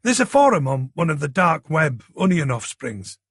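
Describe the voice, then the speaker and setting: A man's voice: fairly high pitch, big pitch swings, normal speed, creaky, husky, no echo, studio quality, full character voice. A man reading an audiobook plays a cheeky young man from the city who teases his friend about computers. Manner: cocky, bantering. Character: cheeky young London tech-savvy man.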